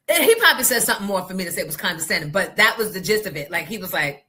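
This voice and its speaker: A middle-aged woman radio host telling stories with blunt, profane energy. Her voice is bright and forceful, and it swings widely up and down as she talks. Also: medium pitch, animated, fast talker, few pauses. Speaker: radio morning show host. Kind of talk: casual storytelling chat.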